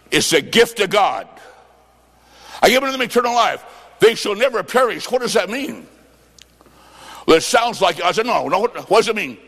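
A man preaching a folksy sermon, telling stories with quoted dialogue and bursting into shouts. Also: high voice, in a large hall.

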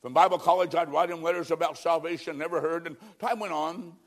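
A man's voice: a little high, steady tone, brisk. Pleading preacher telling his testimony. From American Midwest. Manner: pleading, emphatic, swings from loud to hushed. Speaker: evangelist preacher. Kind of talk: sermon with personal testimony.

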